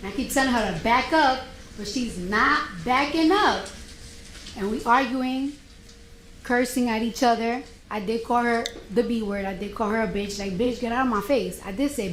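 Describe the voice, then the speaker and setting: High-voiced woman retelling a confrontation. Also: normal speed, reverberant, a little hiss or hum, low-quality recording. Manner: animated retelling with quoted dialogue. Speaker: witness testifying. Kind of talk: courtroom testimony, storytelling.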